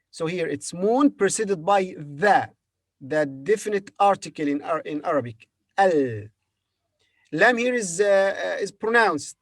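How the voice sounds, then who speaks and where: A man's voice: high-pitched, dry recording. A man teaching a beginner language lesson, spelling each word letter by letter and repeating it several times. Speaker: Arabic teacher.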